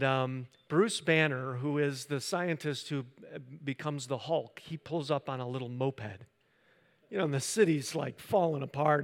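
Middle-aged guy preaching a sermon, chatty, trips over his words, goes quiet for the big moments. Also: mid-range voice. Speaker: pastor.

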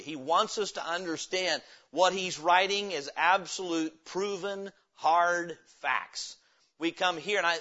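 A man preaching a sermon in a church, his voice bright and forceful and set a little high. He keeps asking the congregation questions and then answers them himself. The recording is dull and lo-fi. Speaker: pastor. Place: church sanctuary.

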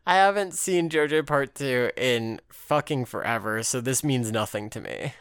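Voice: mid-range voice, normal speed, smooth, dry recording, clean studio sound. A podcast co-host in casual recap chat, laughing often, swearing freely and acting out the characters' lines.

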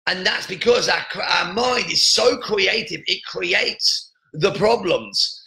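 An earnest man talks through a motivational podcast monologue, circling back and restarting his sentences. His voice sits high and bright, with a gravelly rasp in it. The room around him is echoey. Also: lively intonation, slow. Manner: earnest, repetitive, many restarts. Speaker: podcast host.

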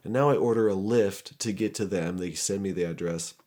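Low-voiced young man telling a raw story. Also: a little fast, mellow. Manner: candid, profane, rambling with restarts. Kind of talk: casual personal storytelling.

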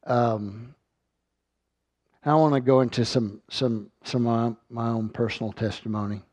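A man's voice: mid-range voice, steady tone, measured pace, a little mellow, dry recording. A man giving an earnest sermon, reading scripture aloud and often repeating words as he finds his thought. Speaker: Bible teacher.

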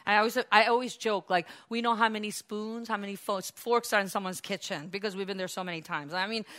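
Bright-voiced woman pastor preaching. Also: medium pitch, fast talker. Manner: animated, rising to loud emphatic peaks; acts out churchgoers' complaints in quoted voices. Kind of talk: sermon.

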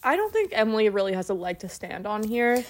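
A young woman co-hosting a casual movie recap chat, chatty and quick to agree. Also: mid-range voice, very animated. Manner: chatty, agreeing, laughs along. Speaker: podcast co-host.

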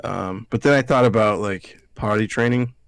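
A man's voice: fairly low pitch, normal speed, no echo. A man hosting a podcast, telling a rambling story in casual chat, swearing freely. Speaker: podcast host.

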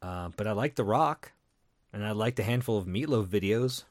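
A man with a low voice and lively swings in pitch trades short, teasing quips in casual podcast chat. He sits close to the mic, and the sound is dry. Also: moderate pace, no room sound. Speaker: podcast co-host.

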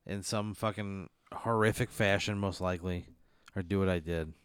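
A man's voice: low voice, steady tone, normal speed, fairly bright tone, smooth, dry recording, clean studio sound. A man in casual chat who reacts in an exasperated way and swears freely.

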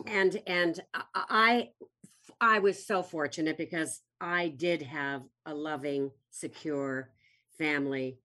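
A woman's voice: low voice, steady tone, slow pace, sharp tone. A woman therapist hosting a casual interview, agreeing often and restarting her sentences. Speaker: host, therapist.

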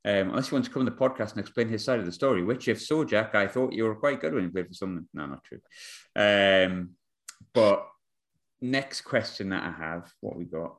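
Man, low-ish voice, animated laughing storyteller, podcast host. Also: fairly quick. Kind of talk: casual storytelling chat.

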